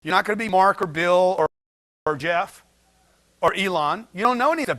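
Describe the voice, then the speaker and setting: A man's voice: high-pitched, animated, brisk, sharp tone. A man giving a blunt, slangy motivational talk to a livestream chat, firing rhetorical questions at his audience. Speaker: motivational speaker.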